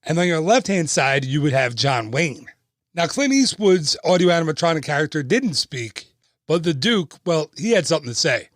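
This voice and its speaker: Man, chatty podcast host, fairly high voice, dry close recording. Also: big pitch swings, moderate pace, no echo. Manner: chatty, laughs at himself. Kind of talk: casual storytelling narration.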